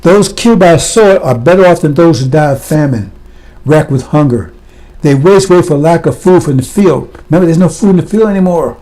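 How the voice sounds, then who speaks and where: A man preaching with blunt, impassioned force, firing question after question at his listeners. His voice sits a little high for a man, yet its tone stays dark and mellow. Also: brisk. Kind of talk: fiery sermon.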